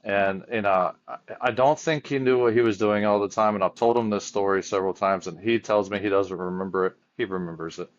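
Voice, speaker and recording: A man's voice: fairly low pitch, steady tone, brisk, few pauses. A man, a firefighter and chaplain, talks earnestly in a casual podcast conversation, often restarting his sentences as he tells stories. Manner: earnest storyteller with frequent restarts. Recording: dull lo-fi audio.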